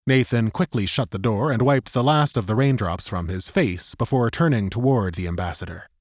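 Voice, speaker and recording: A man narrating a science fiction audiobook in an expressive scripted style, close to the mic. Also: lowish voice, moderate pace, no echo.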